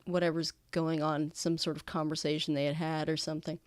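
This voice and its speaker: A woman's voice: low voice, level tone, brisk, no room sound. A woman narrating a tabletop game as game master, describing scenes with many fillers.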